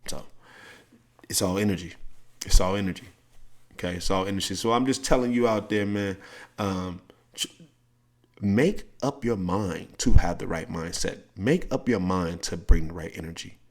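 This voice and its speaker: Man, middle-aged, low voice, blunt profane coach, motivational monologue. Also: normal speed, pauses often. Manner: blunt, profane street talk with animated pitch jumps. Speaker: podcast host and coach.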